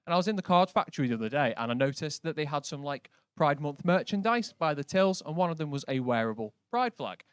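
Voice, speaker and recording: Dry-talking stand-up comedian. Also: male voice, on the high side, animated, fast, hardly any pauses, clean tone, no echo. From Britain. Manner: dry, conversational, lots of likes. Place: comedy club stage.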